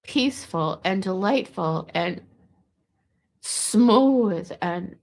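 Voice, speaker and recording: A woman's voice: mid-range voice, lively intonation, drawn-out words, a little mellow. A woman talking in a casual, meandering monologue to the camera, restarting and repeating words as she goes. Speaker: vlogger.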